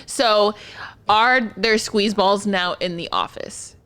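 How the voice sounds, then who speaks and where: A woman co-hosting a podcast in casual chat, telling stories in a dry, deadpan way, a bit stuffy in the nose. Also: mid-range voice, slow pace, clean tone. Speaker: podcast co-host.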